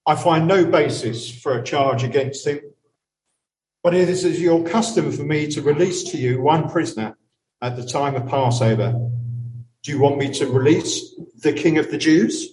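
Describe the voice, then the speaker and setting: A man's voice: fairly high pitch, moderate pace, a little mellow, natural voice. A man reading the part of a wavering Roman governor in a Bible reading, from farther off the mic in a roomy space. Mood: pleading. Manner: reads his lines aloud in a Bible reading. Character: Roman governor, a wavering middle-aged male judge.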